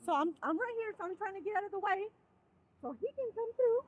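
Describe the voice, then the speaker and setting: Super high pitched woman telling cops how she got hit, rambly and worked up. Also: fast, highs cut off. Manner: rambling, animated retelling. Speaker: hit-and-run victim. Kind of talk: recounting an incident to police.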